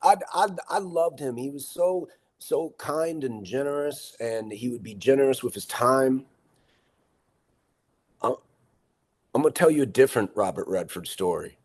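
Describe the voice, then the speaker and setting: A middle-aged man, an actor, telling stories in a casual interview, animated and stammering, often repeating words. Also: mid-range voice, unhurried. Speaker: actor guest.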